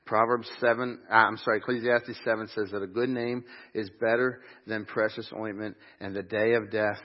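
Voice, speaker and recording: A middle-aged man, the lead pastor, delivers a funeral eulogy in a low voice, drifting through warm stories with frequent fillers and restarts. The sound carries a long church reverb. The recording is muffled and lo-fi. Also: flat delivery, moderate pace. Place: church sanctuary.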